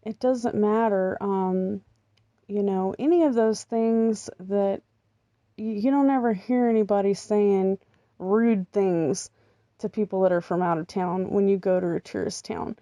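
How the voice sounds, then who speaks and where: A middle-aged American woman chats casually in a vlog, rambling along with plenty of ums and small laughs. Her voice is medium in pitch and warm, with a measured pace and no echo.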